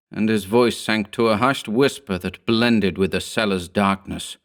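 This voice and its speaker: A man narrating a horror story in the first person, with a measured, steady delivery. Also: fairly low pitch. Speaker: audiobook narrator.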